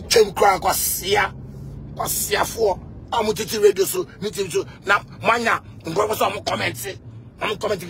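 A man with a Ghanaian accent delivering a heated rant, repeating himself and bursting into shouts. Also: sits high, slight background noise. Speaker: musician.

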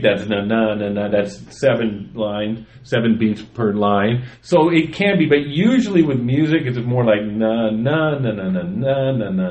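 A man's voice: mid-range voice, a little mellow. A man on a podcast, chatting casually and reading his own poems aloud. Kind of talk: casual chat.

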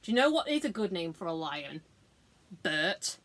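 A woman's voice: lowish voice, very animated, normal speed, heavy background noise. A woman, chatting casually through a makeup tutorial, sweary, giggly and self-mocking. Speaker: beauty vlogger.

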